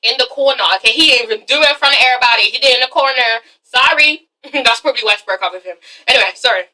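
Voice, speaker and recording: A young woman reviewing a TV episode in an excited, casual vlog, gushing and swearing as she tells the story. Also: high voice, very fast, far from the mic, poor audio. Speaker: TV show reviewer.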